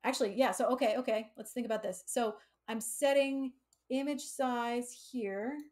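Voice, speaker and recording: Woman, live coding stream host, thinks out loud, everyday analogies, fairly high voice. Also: fairly even intonation, moderate pace. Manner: thinks aloud, restarts, uses analogies.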